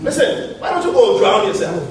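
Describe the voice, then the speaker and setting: A jaded old prime minister with a Bahamian accent, boastful and folksy, sparring with trash talk, played by a male stage actor. His voice sits high for a man. It rings out in an echoey theatre with faint hiss behind. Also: big pitch swings, brisk. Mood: bantering. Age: 70s. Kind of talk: live stage play.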